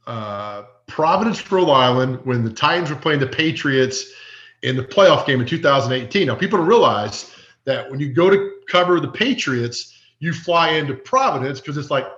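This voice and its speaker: A man guesting on a podcast, telling funny stories in a jokey, animated way. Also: a little high, echoey room, dull audio. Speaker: podcast guest, media personality.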